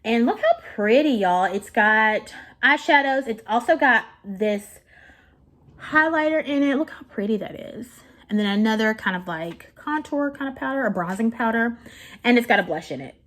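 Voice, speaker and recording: A young woman, casually vlogging and telling a story in a chatty, animated way from her kitchen. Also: a little high, moderate pace. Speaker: beauty vlogger. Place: home kitchen.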